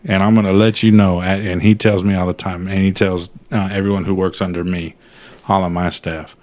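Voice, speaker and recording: A man's voice: deep voice, little pitch movement, normal speed, a little mellow. A man co-hosting a podcast, talking in a laid-back way and laughing often. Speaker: podcast co-host. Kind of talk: casual chat.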